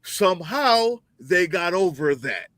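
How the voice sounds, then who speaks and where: A man with a high voice delivers a fiery, profane political rant over a video call. He mocks opponents and fires off rhetorical questions. The sound is dry and close, with no room around him. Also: sing-song, slow, fairly bright tone, dry recording, poor audio. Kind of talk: heated political commentary.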